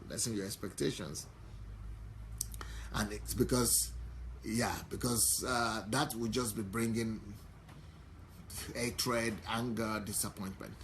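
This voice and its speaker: A Nigerian-accented pastor preaches in a fairly low voice, restating each point and leaning on fillers as he goes. Faint background ambience sits behind his voice. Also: slight background noise. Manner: unhurried, repetitive preaching with many fillers. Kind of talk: sermon.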